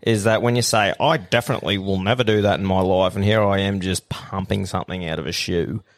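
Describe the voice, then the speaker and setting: A man's voice: sits low, steady tone, brisk, no echo, studio quality. A man hosting a podcast in casual, swearing banter. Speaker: podcast host. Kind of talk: casual chat.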